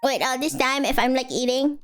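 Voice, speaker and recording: A woman's voice: sits high, fairly even intonation, brisk, soft background music. A sleepy woman streamer chatting casually with her viewers, rambling and playful, breaking into silly sing-song noises. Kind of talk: casual live-stream chat.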